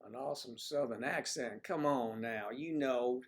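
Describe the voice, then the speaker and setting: A man's voice: medium pitch, animated, a little slow, a bit bright. Folksy man chatting on a livestream. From Mid-Atlantic United States. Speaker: livestream host. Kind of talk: casual livestream chat.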